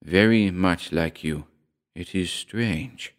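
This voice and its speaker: Male reader doing a charming, cold nobleman, soft and smooth, low voice. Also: big pitch swings, a little slow. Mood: suave. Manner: smooth, polite, soft-spoken.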